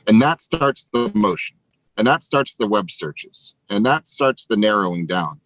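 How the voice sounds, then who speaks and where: A man giving an energetic motivational pep talk to real estate agents, emphatic and casually profane. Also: fairly low pitch, normal speed, no room sound, rough recording. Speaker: real estate team leader.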